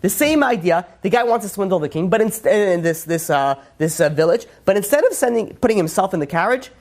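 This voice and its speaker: With a high, somewhat mellow voice and lively intonation, a rabbi lectures on religion at a fairly quick clip. He's emphatic, leaning on rhetorical questions and often beginning again mid-thought.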